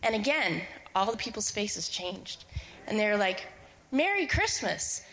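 A woman tells a lively story to a church congregation, speaking into a handheld mic. Her voice is bright and crisp at a middle pitch. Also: a little slow, big-room sound, rough recording. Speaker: congregation member sharing a story. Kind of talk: testimony to a congregation.

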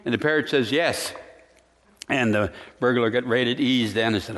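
A man's voice: medium pitch, expressive, a little fast, a bit bright, big-room sound. A man, a pastor, preaching a sermon in a folksy way and telling jokes as he goes.

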